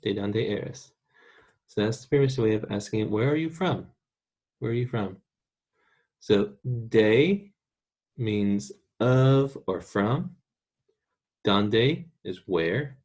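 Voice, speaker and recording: Patient low-voiced man teaching Spanish. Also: animated, darkish tone. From United States. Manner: patient, repeats words slowly for practice. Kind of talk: recorded online lesson with slides.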